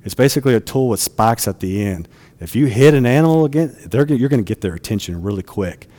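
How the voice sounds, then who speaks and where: A man's voice: mid-range voice, lively intonation, fast talker, mellow, in a large hall. A man preaching a sermon in a conversational way, often asking his listeners rhetorical questions.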